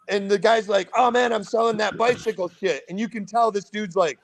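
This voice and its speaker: Young man, podcast guest. Gravelly, fairly high voice, loose profane storytelling. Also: moderate pace, hardly any pauses. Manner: profane, rambling anecdote telling. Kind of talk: casual storytelling.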